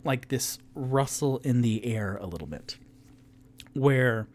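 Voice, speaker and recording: Slow, relaxed male game master. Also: mid-range voice, a little hiss or hum. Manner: relaxed and descriptive, with casual fillers. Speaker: game master and solo player. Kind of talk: narrating a tabletop game.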